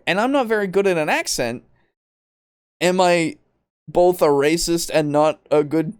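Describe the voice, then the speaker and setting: An exasperated podcast host rants, swearing freely and laughing as he argues, with an expressive, smooth voice whose pitch swings widely. He speaks at a measured pace, and the sound is dry and close with no echo.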